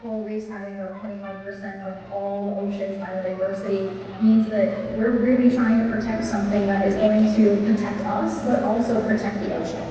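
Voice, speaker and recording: A woman's voice: mid-range voice, level tone, normal speed, few pauses. A woman speaking earnestly about conservation, with a few repeated words. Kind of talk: informational commentary. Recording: distant, dull, echoey arena audio with noise.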